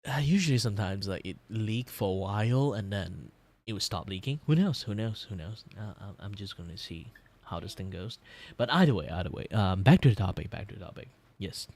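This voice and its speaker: A young vtuber streamer with a Malaysian English accent chats casually while drawing live, rambling, cursing freely and laughing a lot. His voice is lowish and darkish, animated and fairly quick.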